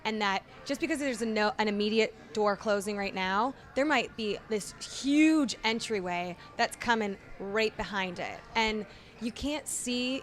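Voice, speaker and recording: A Canadian woman from Ontario, a podcast guest chatting casually and rambling off on tangents into a studio mic. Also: mid-range voice. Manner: bubbly, rambling, goes off on tangents. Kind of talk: casual chat. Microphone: studio microphone with headphones.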